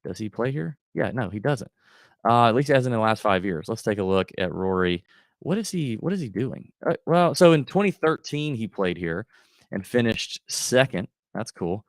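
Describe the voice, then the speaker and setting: A man's voice: on the low side, very animated, normal speed, no echo, clean studio sound. A man hosting a golf betting livestream, chatting casually and thinking aloud with lots of fillers and restarts. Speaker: golf betting podcast host.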